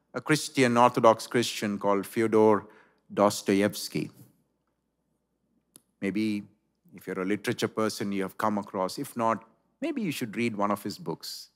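A man's voice: mid-range voice, a bit bright. A male pastor preaching a sermon in a church, telling a story dramatically.

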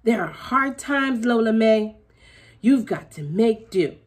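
A woman's voice: fairly high pitch, expressive, slow pace, darkish tone. A woman voicing a firm, no-nonsense farm mother in a storybook read-aloud.

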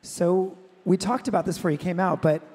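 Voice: medium pitch, fairly even intonation, brisk, darkish tone, breathy edge, long reverb tail. An interviewer asking long, curious questions in a live on-stage interview. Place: large event hall with audience.

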